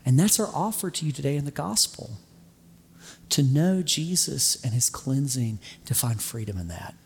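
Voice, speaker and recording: A man's voice: mid-range voice, expressive, vocal fry, a little hiss or hum. Earnest male pastor in a reverberant hall. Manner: earnest storytelling, slowing for emphasis. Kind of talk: sermon with closing prayer.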